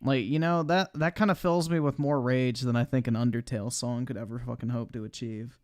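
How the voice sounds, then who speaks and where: A man's voice: mid-range voice, fairly even intonation, fairly quick, darkish tone. A young man giving blunt, profane live-stream commentary while he watches videos.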